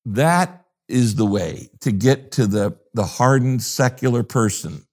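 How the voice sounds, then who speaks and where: Emphatic older pastor, preacherly. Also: male voice, medium pitch, a little slow, darkish tone. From United States. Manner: emphatic, preacherly, repeats key phrases. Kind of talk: interview conversation.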